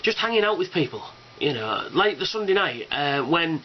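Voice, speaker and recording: Man, casual rambling vlog, lots of ums and swearing, excited, dull lo-fi webcam sound, faint hum behind. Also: fairly high pitch, moderate pace. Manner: enthusiastic, sweary, full of fillers. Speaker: fan convention vlogger. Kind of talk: casual rambling video response.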